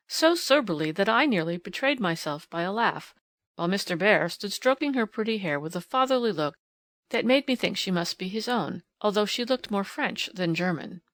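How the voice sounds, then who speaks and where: A woman's voice: medium pitch, no echo. A woman reading a classic novel aloud as an audiobook, with small voice shifts for the dialogue. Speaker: audiobook reader.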